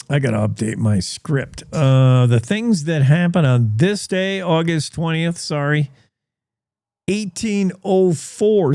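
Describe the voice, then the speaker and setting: Slow-talking male radio host, dry studio. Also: on the high side, warm tone, no room sound. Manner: slow, rambling, self-interrupting reads with asides. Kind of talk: casual news reading and chat.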